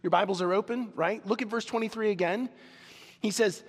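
A man's voice: high-pitched, fairly quick, slightly rough. A man preaching a sermon as pastor, earnest and conversational, with some fillers. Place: church. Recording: long reverb in large hall.

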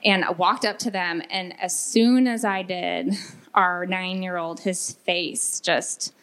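A woman in her thirties telling an audience a candid, animated story from her own family life. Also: fairly low pitch, takes it slowly, clean tone. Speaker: workshop speaker.

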